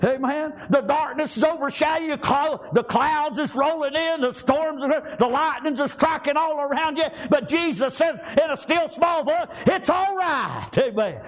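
A man's voice: extremely high pitch, normal speed, few pauses. A man preaching a sermon, fervent and full of repeated amens and praise Gods. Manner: fervent, repeats amen and praise God often.

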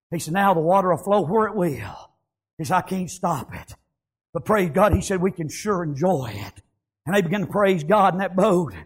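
Fervent high-voiced preacher man. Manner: fervent, shouting in bursts, peppered with "praise God" and "amen". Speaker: pastor. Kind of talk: revival sermon.

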